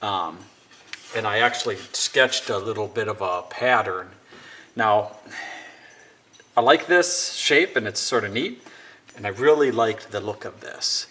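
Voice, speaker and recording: In a noisy home workshop, a young man with a lowish, pushed, bright voice casually narrates how he's building a DIY woodworking project. He speaks unhurriedly with long pauses, rambling and poking fun at himself, while sanding and clicks sound in the background.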